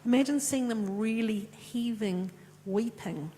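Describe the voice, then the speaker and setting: A woman's voice: on the high side, measured pace, dark tone. A woman preaching a sermon and reading scripture in an earnest, conversational way. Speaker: pastor. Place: church. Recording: echoey church with faint hum.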